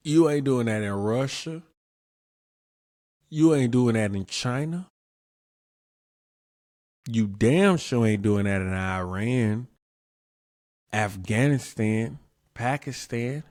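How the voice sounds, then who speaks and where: A man's voice: mid-range voice, lively intonation, slow pace, long pauses, a little mellow, no room sound, clean studio sound. A man hosting his own show, giving casual commentary in an emphatic way, repeating his points and asking rhetorical questions. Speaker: show host.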